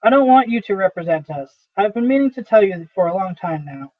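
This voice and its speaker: An impatient young boss cuts people short, curt and dismissive, as a man reads him in a rather high voice. The recording is tinny and phone-like and completely dry. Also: expressive, fairly quick, no room sound.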